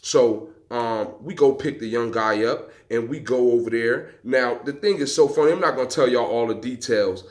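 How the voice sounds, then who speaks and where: A man vlogging from an outdoor home gym, telling a story to his viewers in a lively, emphatic way while working a rowing machine. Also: moderate pace, hardly any pauses. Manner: lively, emphatic storyteller, acting out quotes with big pitch jumps.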